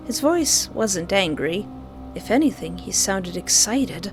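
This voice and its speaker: A woman's voice: medium pitch, slow pace, soft background music. Woman narrating a visual novel. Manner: animated, playfully sarcastic. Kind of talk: reading a visual novel aloud with jokey asides.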